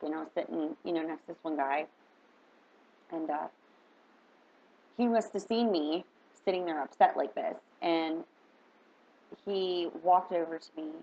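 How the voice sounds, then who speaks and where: A woman's voice: lowish voice, gravelly. A woman vlogger telling a personal story in casual, emotional, rambling speech full of "like". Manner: rambling, emotional, heavy use of "like". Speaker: spiritual reader vlogger. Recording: dull lo-fi with faint background noise.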